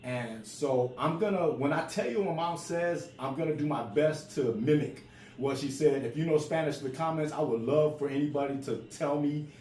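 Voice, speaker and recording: Stuttering and repeating his words, a forties-aged man recounts something personal in a raw, informal way. He talks at a moderate pace in a slightly high, darkish voice, and the room sounds spacious with faint ambient noise.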